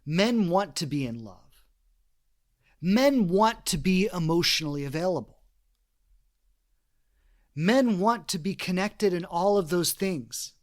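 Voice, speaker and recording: A man's voice: sits high, expressive, slow pace, pauses often. Earnest man hosting a relationship podcast. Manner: earnest, retells stories with quoted voices. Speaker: podcast host. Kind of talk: reflective monologue on relationships.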